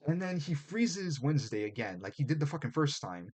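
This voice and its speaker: A man co-hosting a casual podcast, retelling a show's plot in animated, profane chat and putting on quick mock voices. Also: fairly high pitch, slightly rough. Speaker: podcast co-host.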